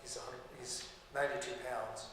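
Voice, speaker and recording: A man's voice: mid-range voice, flat delivery, a little fast, a bit bright. A middle-aged man teaching a class in a casual, folksy way, telling personal stories with chuckles. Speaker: lecturer. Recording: echoey hall with faint noise.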